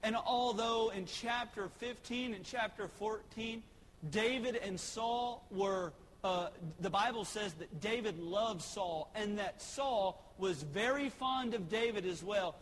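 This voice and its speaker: A man preaches a sermon in a folksy storytelling manner. His voice sits fairly high. It rings in a reverberant hall with faint background ambience. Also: slow, slight background noise. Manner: storytelling, conversational with acted quotes.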